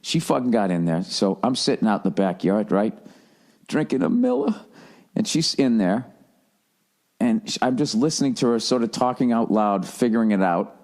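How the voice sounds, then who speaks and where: A man's voice: on the low side, big pitch swings, moderate pace, darkish tone. A man telling a rambling, profane, self-mocking comic rant in a podcast style. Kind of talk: comedic rant.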